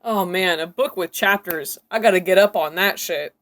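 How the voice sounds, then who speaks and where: A woman's voice: fairly low pitch, normal speed, a bit bright. A woman hosting a casual reaction commentary, swearing freely and breaking into incredulous giggles. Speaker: reaction video host.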